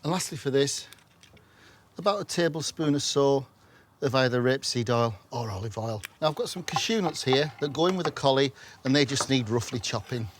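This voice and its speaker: A man's voice: mid-range voice, expressive, fairly quick. A man hosting a cooking show, chatting as he explains each step of a recipe. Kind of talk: cooking demonstration. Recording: faint background noise in a studio kitchen.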